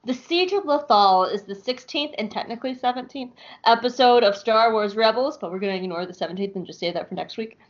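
A woman's voice: on the high side, a little fast. Chatty woman with a lo-fi sound. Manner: chatty, laughs often, lots of fillers. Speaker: podcast co-host. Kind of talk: casual chat about a cartoon series. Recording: dull lo-fi sound.

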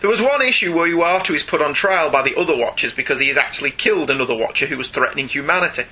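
A man's voice: on the high side, expressive, racing, sharp tone, slightly rough. A man co-hosting a comics podcast, chatty and jokey, laughing often as he reads listener emails. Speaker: podcast co-host. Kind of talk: casual chat, reading listener emails.

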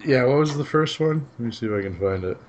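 A man's voice: medium pitch, lively intonation, fast, a little mellow, dull audio, slight background noise. A man hosting a casual podcast chat, laid-back and chuckling, often trailing off his sentences. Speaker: podcast host.

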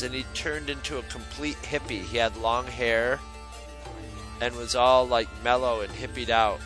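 A man hosting a podcast who tells a profane, animated story in casual chat. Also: mid-range voice, normal speed, faint music behind, poor audio. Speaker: podcast host.

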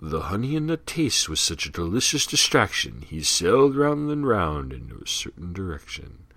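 A playful storybook narrator for an old cereal ad, as a man puts him on. The pitch bounces up for the characters in a singsong rhyme. The sound is dry and close. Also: sing-song, moderate pace, bright, forceful tone, no room sound, heavily acted. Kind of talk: storybook ad reading.

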